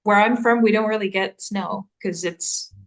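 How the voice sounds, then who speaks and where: A young adult woman co-hosting a casual bookstore chat, easygoing and quick to laugh. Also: medium pitch. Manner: easygoing, quick to laugh, reads a recommendation aloud. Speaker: bookstore staff co-host.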